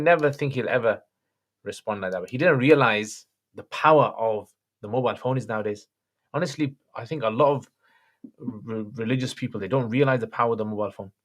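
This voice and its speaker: A man hosting a livestream and answering viewer questions in a relaxed, chatty way. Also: medium pitch. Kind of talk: casual chat.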